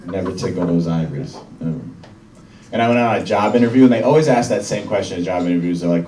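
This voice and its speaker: Deadpan young man doing stand-up. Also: low-pitched, quick pace, slight background noise. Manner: deadpan, dry one-liners. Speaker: stand-up comedian. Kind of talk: stand-up routine. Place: comedy club with live audience. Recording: roomy club sound from a distant mic, crowd laughter.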